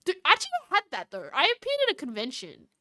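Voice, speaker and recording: A woman's voice: sits high, huge pitch swings, fast, bright, forceful tone. A young Australian woman chatting casually on a live stream, giggly and reading chat aloud. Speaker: VTuber streamer.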